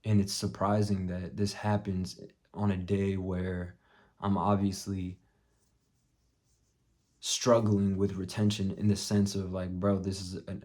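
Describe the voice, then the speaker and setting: Low, flat-voiced young man telling a story. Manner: profane, blunt, drops to a muttered hush for quoted thoughts. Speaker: vlogger. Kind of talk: casual storytelling vlog.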